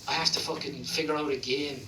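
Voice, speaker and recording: Irish stand-up, Limerick accent, sweary rambler, higher-pitched man, echoey noisy club, mic a step away. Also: fairly even intonation, a little fast, far from the mic. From Ireland. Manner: profane, rambling storytelling with lots of "like". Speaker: stand-up comedian. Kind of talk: stand-up comedy set. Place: comedy club stage.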